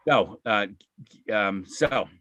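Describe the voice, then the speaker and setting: A man's voice: on the low side, very slow, fairly bright tone, no echo. A man giving an informal, encouraging webinar talk over a video call, often acting out what people say. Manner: conversational, encouraging, acts out quoted speech.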